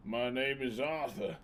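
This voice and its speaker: A man doing a gruff, slow, drawling American cowboy voice that cusses. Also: mid-range voice, fairly bright tone. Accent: mock Southern American drawl.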